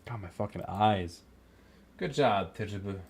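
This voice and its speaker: A young man streaming, reviewing viewer animations in casual, blunt commentary, quick to swear and laugh. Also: fairly low pitch, husky.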